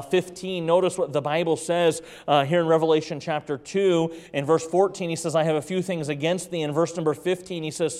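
A man with a fairly high voice preaches an evening sermon. He hammers key phrases again and again, then sometimes sinks into a hushed, gentle tone. His voice rings with the long reverb of a church sanctuary. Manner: emphatic, repeats key phrases, drops to soft tones. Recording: long reverb of a large room.

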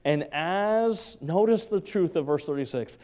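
A male pastor preaching a sermon in a church, excitable and quick, stumbling and repeating words as his enthusiasm runs ahead. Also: a little high. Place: church sanctuary. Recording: long reverb of a large church hall.

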